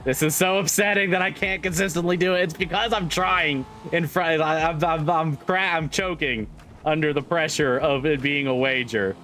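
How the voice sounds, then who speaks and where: A man's voice: a little high, fairly even intonation, moderate pace, sharp tone. A man streaming a driving game live, chatting casually, swearing and repeating himself as he gets frustrated.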